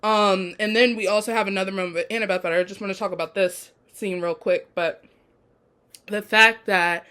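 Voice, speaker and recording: Reviewing a TV episode on video, this woman speaks at normal speed in a mid-range voice with a sharp tone and fairly even intonation. Her casual, gushing commentary is peppered with "um" and "you know."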